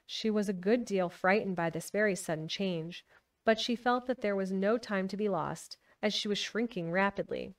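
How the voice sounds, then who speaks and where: A woman's voice: medium pitch, moderate pace, recorded from a distance. A woman streaming a live book reading, narrating and chatting casually with her viewers. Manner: chatty, laughs often. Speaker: streamer reading a novel aloud.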